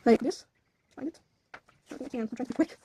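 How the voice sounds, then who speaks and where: Casting: young woman, non-native English speaker with an American lean, slightly high, mellow voice, quick casual vlog chatter with soft asides. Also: rough recording. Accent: American-leaning English, second language. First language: not English. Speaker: book vlogger. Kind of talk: casual chat.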